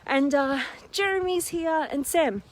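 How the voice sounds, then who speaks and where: A woman with a high, bright-pitched voice chats on a phone camera while hiking a steep, windy hill, a little out of breath. She is bubbly and warm-sounding in her enthusiasm, reading viewers' names with plenty of ums. Faint outdoor noise sits behind her. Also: measured pace. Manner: bubbly, reading out viewer comments with lots of fillers. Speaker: host of a live stream. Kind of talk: casual live-stream chat while exercising outdoors. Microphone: phone camera held while walking.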